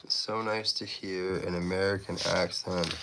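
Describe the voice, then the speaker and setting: Deep-voiced Canadian man chatting while working. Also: little pitch movement, moderate pace, very noisy. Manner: chatty, reads viewer comments aloud while working. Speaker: knife-sharpening livestreamer. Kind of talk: casual livestream chat.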